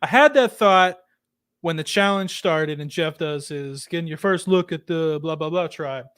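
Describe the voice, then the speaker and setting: A man's voice: fairly high pitch, normal speed, a bit bright, smooth. A man hosting a casual podcast chat, rambling along with lots of fillers and restarts. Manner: chatty, rambling with many fillers. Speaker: podcast host.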